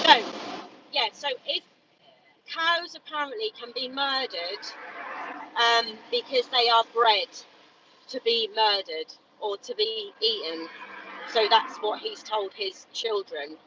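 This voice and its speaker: An angry woman rants and argues at a street protest, stumbling over her words and filling gaps with fillers. She sounds distant from a phone mic, with dull, muffled audio. Loud street noise runs underneath her. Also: fairly high pitch, slow pace. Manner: angry, ranting with many fillers and repeats. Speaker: animal rights protester. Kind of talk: live-streamed street protest vlog. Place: outdoors outside a shop on a street.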